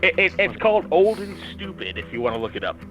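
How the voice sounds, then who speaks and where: A man's voice: sits high, sing-song, fast talker, fairly bright tone, soft background music, low-quality recording. A man in a casual talk-show chat, eagerly chiming in with a story. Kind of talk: casual chat over a video call.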